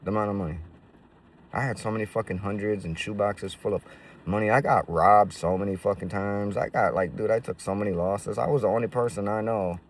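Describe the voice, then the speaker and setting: A man's voice: on the low side, steady tone, brisk, far from the mic, slight background noise. A man casually telling stories to camera in profane, slangy street talk full of fillers. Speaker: roofing business owner.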